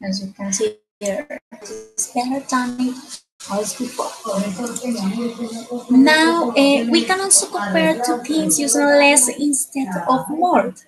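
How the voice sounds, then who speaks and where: A woman with a fairly high voice teaches an English grammar lesson at an unhurried, slow pace. She explains step by step, repeats words and phrases, and keeps checking in with her students through short tag questions. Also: over music, poor audio.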